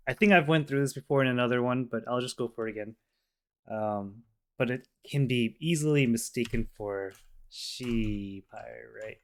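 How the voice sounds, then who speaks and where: A man hosting a casual reaction video, explaining slowly with plenty of fillers into a desk microphone. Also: medium pitch.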